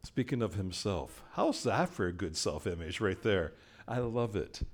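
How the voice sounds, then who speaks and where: Speaking unhurriedly in a voice on the low side, an older pastor delivers a sermon built around a story, performing each quoted line with animated energy.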